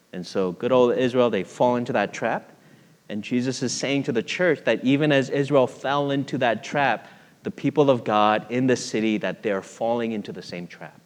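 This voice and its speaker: Guy preaching a sermon, chatty storyteller, asks the room questions, average pitch, long echo like a big church. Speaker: pastor. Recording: long hall reverb.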